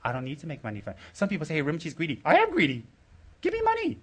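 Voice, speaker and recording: A man's voice: on the high side, wildly swooping pitch, very fast, husky. A middle-aged man giving an informal Dharma talk as a Buddhist teacher, teasing and jokey in blunt short phrases.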